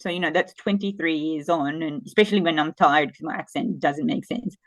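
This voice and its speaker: A woman in her forties from the Philippines, a guest in a casual interview, telling animated stories that often restart mid-sentence. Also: sits low, brisk, no echo. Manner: animated storytelling with frequent restarts.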